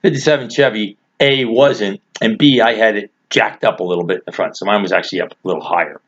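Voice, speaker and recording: A man's voice: fairly low pitch, fast, a bit bright. An older man telling a rambling, chuckling anecdote in a casual, folksy way. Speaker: storyteller. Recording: dull lo-fi recording.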